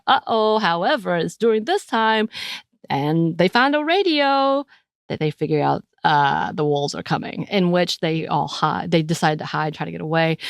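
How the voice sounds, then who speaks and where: A woman with a low voice recaps a TV episode on a podcast in a chatty, animated way. She often restarts her sentences. The sound is dry and close. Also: normal speed, vocal fry, dry recording. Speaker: podcast co-host. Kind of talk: casual chat recapping a TV episode.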